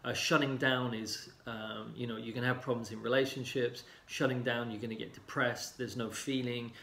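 Man, mid pitch, easygoing coach explaining in a roomy space; filler-heavy, mimics the people he describes. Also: normal speed, vocal fry. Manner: relaxed, explanatory, many fillers, acts out clients' lines. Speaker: healing coach. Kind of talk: casual talk to camera. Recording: roomy echo.

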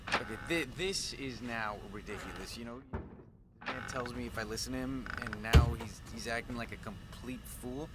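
An actor playing an honest local lawyer who stammers and grows nervous and exasperated. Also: male voice, medium pitch, moderate pace, loud music behind the voice, lightly acted. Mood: panicked. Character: honest male lawyer, indignant then panicked. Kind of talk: game voice acting.

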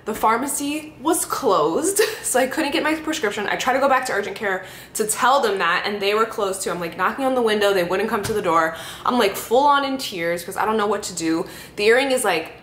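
A young woman chats to the camera in a casual vlog, full of "like"s and acted-out quotes. Her mid-pitched voice rings in an echoey room. A faint low rumble hums in the background. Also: lively intonation, fairly quick, a bit bright. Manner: chatty storytelling, many "like"s, acts out quotes. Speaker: vlogger.

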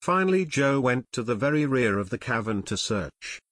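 This is scripted narration from a novel, delivered by a man who narrates audiobooks at a middle pitch and an even, deliberate pace. The sound is close and dry, free of room ambience and echo.

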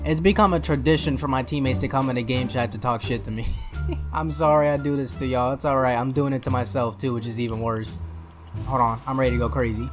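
Brief: male gamer commentating his own play, trash-talking, erupts into loud hype then drops to muttering, game music under him. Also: fairly even intonation, fast. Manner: trash-talking, swings from loud hyped outbursts to low mutters. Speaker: gaming streamer. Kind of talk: live gameplay commentary.

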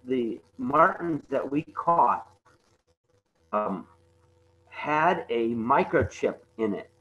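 A man giving a conservation talk over slides, halting often and repeating words with many fillers. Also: medium pitch, fairly bright tone, dull audio. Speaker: conservation presenter. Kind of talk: webinar slide presentation.

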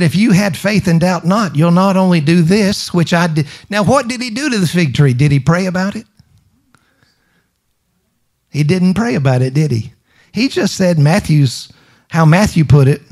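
A middle-aged man preaching a sermon. He fires rhetorical questions, repeats phrases and calls on the congregation to answer. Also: high voice. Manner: emphatic preaching with call-and-response to the congregation.

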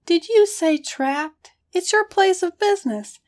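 A woman voicing a gruff, drink-sodden has-been male hunter in a story reading, blunt and offhand. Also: a little high, normal speed, close to an everyday voice. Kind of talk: audiobook character reading.

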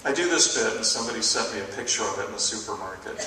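A man's voice: on the low side, lively intonation, rapid-fire. A man doing a stand-up comedy set, ranting with mock outrage and a lot of profanity. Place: live comedy venue. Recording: echoey room, distant mic, loud audience.

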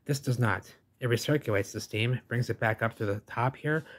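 Over a video, a man with a mid-range voice gives excitable, casual commentary at a moderate pace. He repeats phrases, asks rhetorical questions, and swears freely.

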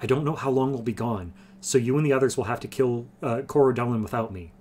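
A man's voice: mid-range voice, quick pace, a little mellow, lightly acted. A man voicing a fiery, idealistic young male patriot in a fantasy audiobook reading. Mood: fervent. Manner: intense, hot.

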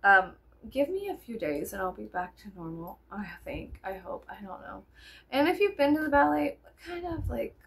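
Young woman, vlogger, rambling and sweary, tired, gravelly fry, husky voice. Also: mid-range voice, big pitch swings, moderate pace. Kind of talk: casual chat to camera.

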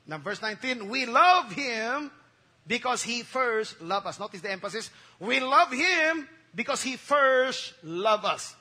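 A man delivers a sermon in a high, sharp, bright voice. His tone is a little husky, and he drives points home by repeating phrases and pausing for the congregation to respond. The delivery is emphatic, call-and-response preaching. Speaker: pastor.

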